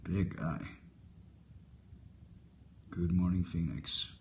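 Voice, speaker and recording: A man in his fifties with a deep, low voice, talking into a phone during a live stream. He answers viewer questions in a relaxed, musing way and wanders from one topic to the next. Faint ambient noise sits behind him. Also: very slow, vocal fry. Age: 50s. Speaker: livestreamer answering viewer comments. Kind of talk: casual live-stream chat. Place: hotel at sunrise. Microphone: phone held for a live stream.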